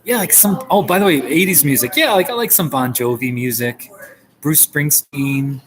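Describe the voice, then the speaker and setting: A man's voice: a little high, moderate pace, a bit bright, a little hiss or hum, poor audio. A man with a New Jersey accent chatting casually on a live stream, joking and answering viewers. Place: coffee shop.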